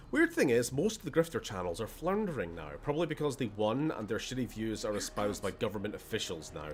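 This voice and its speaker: Scottish man with a lively low voice. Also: a little hiss or hum. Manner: chatty, wry, laughs often. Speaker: gaming channel host. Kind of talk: let's play commentary chat.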